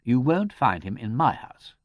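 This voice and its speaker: A man voicing an urbane, witty aristocratic lord with a crisp, airy manner. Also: mid-range voice, big pitch swings, measured pace, no echo, clean studio sound.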